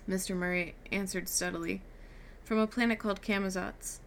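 A woman's voice: medium pitch, fairly even intonation, fairly quick, gravelly, a little hiss or hum. A woman reading a novel aloud, giving the characters' lines light shifts. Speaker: reader. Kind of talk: audiobook reading with character dialogue.

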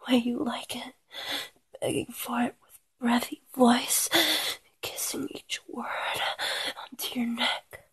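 A woman in a whispered role-play, her voice extremely breathy with a gravelly catch of fry. She draws every phrase out at a very slow, lingering pace, pleading softly between sighs. The sound is close and dry, slightly high for a woman. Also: no room sound. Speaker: erotic audio performer.

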